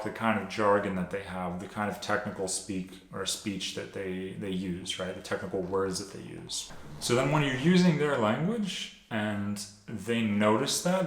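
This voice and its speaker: A man giving direct-to-camera sales tips as a sales coach, explaining in an instructive way and often checking in with "right?". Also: lowish voice. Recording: echoey room.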